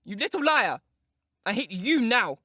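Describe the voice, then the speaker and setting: A man's voice: sits high, expressive, a little fast, a bit bright, dry recording, clean studio sound, pitched above the performer's own voice. A man doing a fiery, pleading teenage girl. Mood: angry. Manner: impassioned, pleading. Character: hot-tempered, tender-hearted teenage girl. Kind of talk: audiobook character reading.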